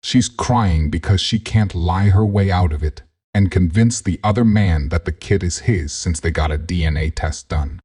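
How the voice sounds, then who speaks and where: A man's voice: deep voice, normal speed, hardly any pauses, mellow, husky. A man giving blunt, scornful voice-over commentary between clips. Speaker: commentary channel host.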